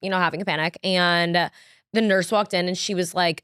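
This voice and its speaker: A woman's voice: fairly low pitch, fast, a bit bright, smooth, no echo, studio quality. A young woman co-hosting a podcast in casual chat, rambling with lots of "like" fillers and casual swearing. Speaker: podcast co-host.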